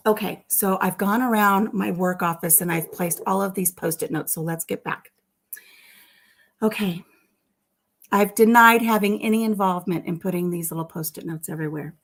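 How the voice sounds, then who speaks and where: A woman hosting a live stream in casual chat. She reads out viewer comments, answers them, and tells a story with soft asides. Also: medium pitch.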